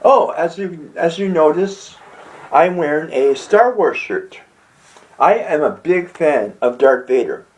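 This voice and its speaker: A young man rambles through a homemade comedy story, tripping over and repeating his words. His voice sits a little high, and he chuckles at his own punchlines. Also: expressive, low-quality recording. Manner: halting, repeats words, laughs at own jokes. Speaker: amateur comedy vlogger.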